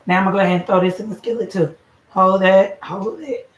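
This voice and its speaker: A woman's voice: medium pitch, fairly even intonation, fast talker. A woman hosting a casual home cooking livestream, chatting straight to her viewers with a salty, easygoing manner. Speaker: home cooking show host and mother. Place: home kitchen. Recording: echoey room, voice from a distance, faint noise.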